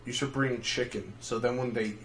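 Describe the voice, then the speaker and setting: A young man hosting a casual livestream, telling rambling, profane stories full of dark jokes. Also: medium pitch, fairly even intonation, normal speed. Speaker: livestream host.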